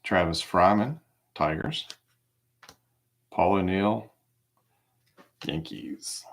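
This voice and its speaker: Slow, gravelly low-voiced man. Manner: relaxed, reads off cards with small asides. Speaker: card break host. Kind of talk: casual live card-break commentary.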